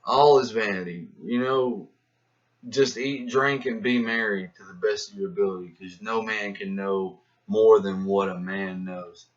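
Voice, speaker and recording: A man talking in a rambling, profane, slangy monologue about life and philosophy, getting animated as he acts out his own inner voices. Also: lowish voice, a little slow. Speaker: rapper musing to camera. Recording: dull lo-fi sound.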